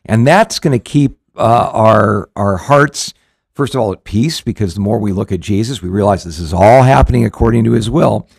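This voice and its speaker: A man's voice: fairly low pitch, moderate pace, vocal fry, darkish tone, husky, no echo, clean studio sound. A male pastor hosting a show, teaching scripture in an earnest, conversational way, with frequent restarts and fillers.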